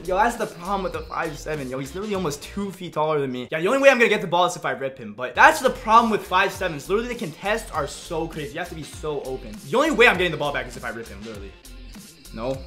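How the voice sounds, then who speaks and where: A young man giving excitable live commentary on his own video game match, reacting loudly to each play. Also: a little high, racing, soft background music. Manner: excitable, reacts loudly to plays, frequent "yo" and "literally". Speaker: gaming YouTuber.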